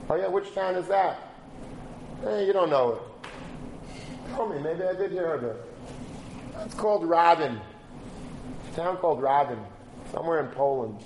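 A man's voice: a little high, normal speed, long pauses, darkish tone, a little hiss or hum, lightly acted. A man voicing a humble, self-effacing old sage in a retold story, recorded in a roomy space. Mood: modest. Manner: dismissive, self-effacing replies. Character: humble elderly male sage, modest and calm. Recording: roomy recording with faint background.

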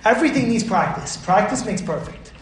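A man's voice: high-pitched, expressive, brisk, a little hiss or hum. A man, a rabbi, giving an emphatic Torah class lecture, repeating his points and putting questions to his listeners. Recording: roomy echo.

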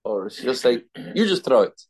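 Male Talmud teacher, mid-pitched, reads then explains, repeats himself, self-questioning. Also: sing-song, moderate pace, darkish tone. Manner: repeats key phrases, asks and answers his own questions. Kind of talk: daily Talmud class.

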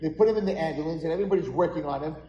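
A man's voice: on the high side, very fast, mellow, highs cut off. A man, a rabbi, dramatically telling a story in a sermon at an event hall. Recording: echoey hall.

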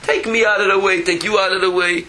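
A man giving a Torah lecture as a rabbi, animated, with rhetorical questions and repeated phrases. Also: sits high, fast, rough recording.

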